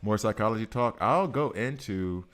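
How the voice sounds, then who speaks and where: Man, low deep voice, casual game streamer, chatty, jokes with chat. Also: expressive, normal speed. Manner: chatty, joking, talks to chat. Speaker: gaming streamer. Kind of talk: casual live-stream commentary.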